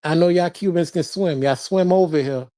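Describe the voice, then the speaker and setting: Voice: medium pitch, normal speed, mellow, no room sound. A livestreamer chatting casually and reading viewers' messages, laughing constantly while teasing them.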